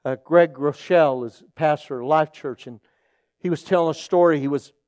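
Earnest pastor with a higher voice. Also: male voice, moderate pace, darkish tone, no echo. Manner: earnest, voices the people in his stories. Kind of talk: sermon with personal storytelling.

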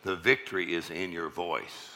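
A man with a very low, deep voice preaching to his congregation. His tone is strikingly bright and forceful, and he drives his points home by repeating lines and calling out "amen". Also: fairly even intonation, normal speed. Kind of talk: sermon.

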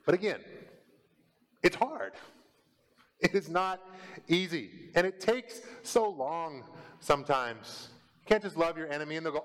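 Earnest preacher man, fairly high voice. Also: lively intonation, measured pace, long pauses. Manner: earnest, conversational. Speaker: pastor. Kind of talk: sermon.

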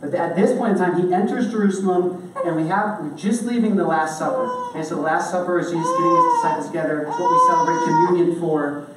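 A preacher talks through a sermon in a loose, everyday way, pausing to check in with "okay?". The voice sits some way from the mic in a very echoey hall. A faint hiss runs underneath. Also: mid-range voice, big pitch swings, recorded from a distance. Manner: casual, checks in with the listeners by asking "okay?". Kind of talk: conversational sermon.

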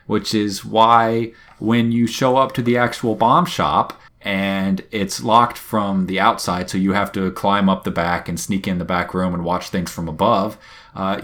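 A man's voice: on the low side, fairly bright tone. A man hosting a podcast, recapping a video game in casual, wry and opinionated chat. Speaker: podcast host.

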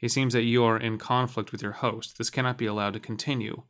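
An imposing artificial moderator, as a man reads him, speaking with low-toned, infinite calm. Each sentence comes measured and unhurried, like an official handing down a ruling in a storybook. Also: close to an everyday voice.

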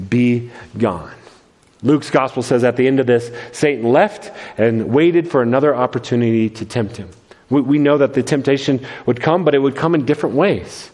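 A man's voice: mid-range voice, normal speed, a little mellow. A man preaching a sermon as pastor, earnest and full of restarts. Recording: long hall reverb.

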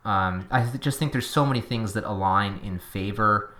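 A man's voice: lowish voice, normal speed, pushed and bright. A man with a Boston accent co-hosting a podcast, chatting casually and opinionatedly, wandering into tangents. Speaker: podcast co-host.

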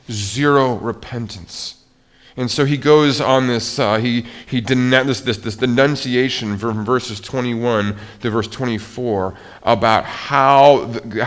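A man's voice: medium pitch, fairly bright tone. A male pastor preaching a sermon in a conversational way, often restarting his sentences. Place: church.

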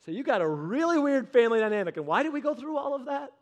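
Man, sermon, high voice, funny and conversational, acts out characters. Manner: animated storytelling, acts out characters in quick voices; humorous and conversational. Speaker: pastor.

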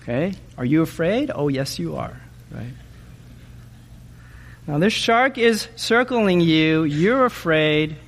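A man preaching a sermon in an animated way, often asking his listeners questions and checking in with them with "okay?". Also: on the high side, slow, in a large hall. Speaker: pastor.

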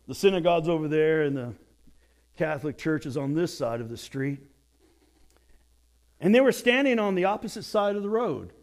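A man preaching a sermon as pastor, telling stories and jokes with lively acted quotes. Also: fairly high pitch.

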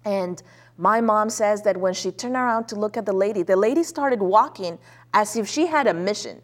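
A woman's voice: medium pitch, normal speed. Earnest woman telling a heartfelt story. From Mexico. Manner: earnest, heartfelt telling with soft hesitant fillers. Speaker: guest. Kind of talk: casual storytelling.

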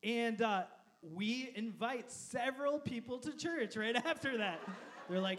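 A man in his thirties, a pastor preaching a sermon, telling a story with animated energy and frequent laughter. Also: very high-pitched, measured pace. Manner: animated storyteller, laughs often, shouts quoted lines.

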